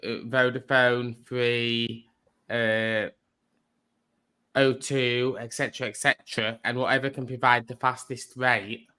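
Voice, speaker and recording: A man's voice: mid-range voice, little pitch movement, slow, pushed and bright, smooth. A man chatting as a livestream guest, explaining things at length with many hesitant fillers. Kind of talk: casual chat.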